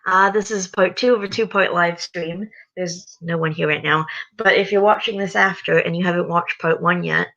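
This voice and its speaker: A tired young woman on a casual livestream, chatting hesitantly between stretches of reading aloud. Her voice is low and gravelly but bright in tone. The recording is dull and lo-fi. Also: fairly even intonation, moderate pace. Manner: chatty, hesitant, self-correcting. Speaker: livestream host reading a story. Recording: dull lo-fi sound.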